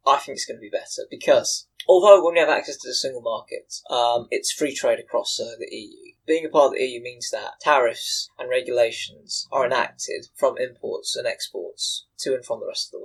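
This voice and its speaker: A man's voice: medium pitch, fairly quick, poor audio. A young British man co-hosting a casual podcast chat with friends, explaining at length with plenty of ums and uhs. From United Kingdom. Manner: chatty, hesitant with many fillers, explains at length. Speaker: podcast co-host.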